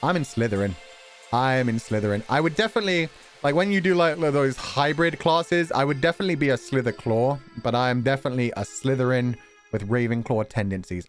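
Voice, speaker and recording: A man streamer in a casual chat, reading out donation messages, playful with words and swearing casually. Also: medium pitch.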